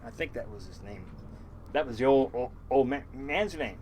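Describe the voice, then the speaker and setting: Animated older man spinning salty yarns. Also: mid-range voice, fairly quick, slight background noise. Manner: animated, swears freely, lots of restarts and chuckles. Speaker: fishing boat captain, podcast guest. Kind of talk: rambling storytelling in a casual interview.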